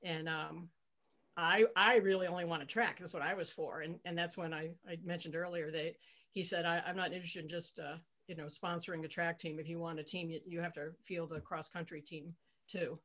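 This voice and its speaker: A woman in her sixties, a former athlete, recounting memories on a video call in a measured way with frequent restarts. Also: on the low side, steady tone, a bit bright. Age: 60s.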